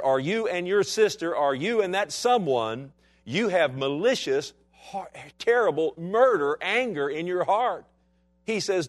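A man preaching a sermon in a dynamic style, dropping to quiet low asides and rising to loud, slow, emphatic lines. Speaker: pastor.

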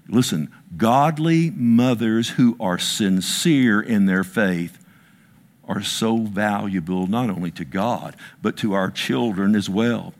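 A middle-aged man preaching a sermon, telling a personal story with emotion and stumbling restarts. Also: medium pitch. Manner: storytelling, emotional, repeats words. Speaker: pastor.

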